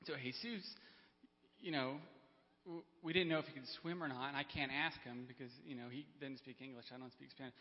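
A man speaks off the cuff from a church stage, stopping and restarting often and clearing his throat. His voice sits a little high for a man. The recording is dull and muffled, with a long reverb from the hall. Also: moderate pace. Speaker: church member speaking to congregation. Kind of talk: unprepared personal storytelling. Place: church sanctuary.

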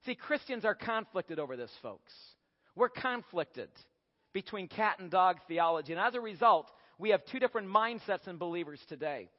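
A man preaching a sermon with animated, humorous storytelling. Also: high-pitched, moderate pace. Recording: echoey hall, dull lo-fi sound.

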